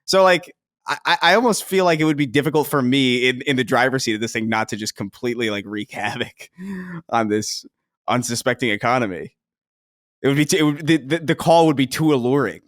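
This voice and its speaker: A man's voice: medium pitch, fairly quick, a bit bright, no echo, studio quality. A man co-hosting a podcast in casual chat, hesitant, with many restarts and fillers. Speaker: podcast co-host.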